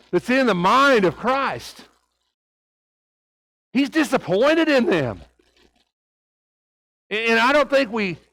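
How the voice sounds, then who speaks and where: A man with a light Oklahoma Southern accent preaches a sermon. His voice sits high for a man and sounds dry and close, with little room around it. He leans on rhetorical questions and moves between hushed, quiet passages and emphatic raised ones. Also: no room sound, poor audio.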